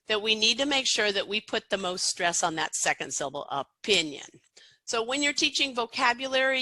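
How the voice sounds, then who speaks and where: A middle-aged American accent coach talking through her ideas in a loose, chatty podcast answer, circling back with fillers and restarts. Her voice is bright and forward, and the recording sounds dry and close. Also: on the high side, dry recording, rough recording.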